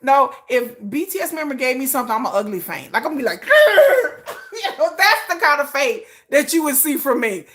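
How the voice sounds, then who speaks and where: Woman on a livestream, high bright voice, laughing lots, swears, talks to chat. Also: fast talker, few pauses. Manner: animated, laughing, rambling asides to chat; swears freely, Southern-flavored slang. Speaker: livestream host. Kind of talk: casual fan livestream chat.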